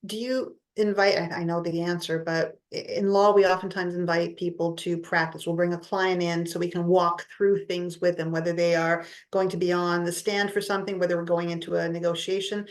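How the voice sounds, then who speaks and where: Woman host, lawyer, lowish voice, hesitant and searching questions. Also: little pitch movement, fairly quick, hardly any pauses. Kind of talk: conversational interview.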